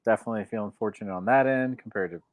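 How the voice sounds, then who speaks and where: A man's voice: on the low side, very fast, dry recording. A man co-hosting a sports betting show, laid-back and teasing, laughing easily. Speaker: co-host. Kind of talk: casual sports betting talk.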